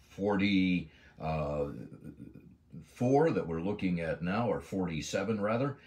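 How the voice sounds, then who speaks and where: A man's voice: low voice, darkish tone. A man giving an earnest devotional Bible lesson, stressing key words with emphasis. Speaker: Bible teacher.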